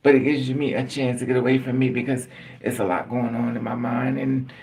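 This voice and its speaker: Man, gravelly voice, rambling and chuckling, casual live-stream storytelling, mic set away from him. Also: medium pitch, flat delivery, brisk, darkish tone. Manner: rambling, chuckling, restarting phrases. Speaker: livestream host. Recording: distant mic.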